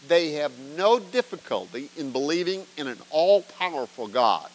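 A man's voice: fairly high pitch, low-quality recording. A man teaching an evening Bible study as a pastor, earnest and emphatic, often asking rhetorical questions.

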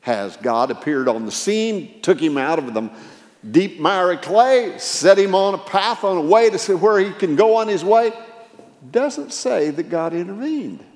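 A man's voice: high voice, expressive, a little slow, a little mellow, big-room sound. A man preaching a sermon, retelling scripture with dramatic swings in volume.

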